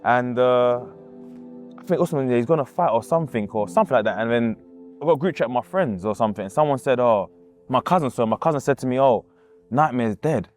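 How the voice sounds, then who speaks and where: A man's voice: medium pitch, lively intonation, fairly quick, a little mellow. A man tells a painful story from his own life in a casual, loose way. He acts out the people he quotes and keeps coming back to the same words. Faint music plays behind him. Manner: casual, acts out quoted voices, repeats himself. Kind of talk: emotional personal storytelling.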